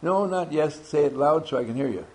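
A man's voice: a little high, expressive, brisk, a little mellow. A man leading a workshop, calling out names to his group and teasing them playfully. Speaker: workshop leader taking roll call. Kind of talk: classroom talk to a group.

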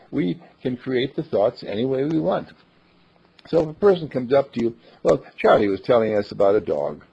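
An older man delivers a homespun sermon built from everyday stories, earnest and plainspoken with small hesitations. His voice is husky and gravelly. The recording has a dull, lo-fi sound. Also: mid-range voice. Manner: folksy and earnest, hesitant with uhs, acts out quoted voices.

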